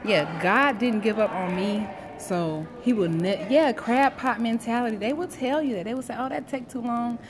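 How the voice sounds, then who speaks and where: A woman's voice: medium pitch, normal speed, hardly any pauses. Heartfelt woman on a phone livestream. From Florida, USA. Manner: heartfelt, preachy, greets viewers by name. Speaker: dental graduate livestreaming to viewers. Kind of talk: emotional live broadcast talk. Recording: music playing behind.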